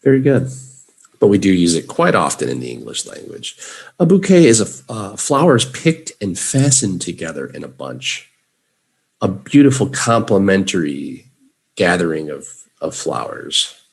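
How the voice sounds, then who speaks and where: Slow, gravelly Chicago man teaching. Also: low-pitched. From Chicago, United States. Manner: slow, leads students in repeating words. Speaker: English teacher. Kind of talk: live vocabulary lesson.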